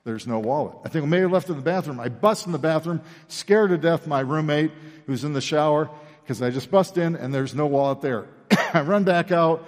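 A man's voice: fairly high pitch, brisk. Man preaching in a reverberant church hall. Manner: animated storyteller, acts out quoted people. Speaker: pastor. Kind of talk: sermon storytelling. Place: church sanctuary.

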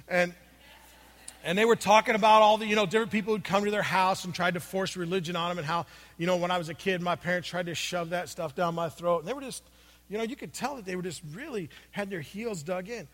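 A man preaching a sermon, telling a personal story in a conversational way with plenty of fillers, moving between loud stretches and hushed asides. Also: high voice, fast. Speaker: pastor. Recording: long hall reverb.

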